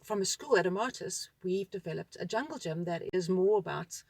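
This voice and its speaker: A woman with a South African accent, a school principal, talking in a relaxed discussion and acting out what children and parents say. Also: on the low side, a little fast, gravelly, no room sound. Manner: animated, acts out children's and parents' voices. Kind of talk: conversational discussion.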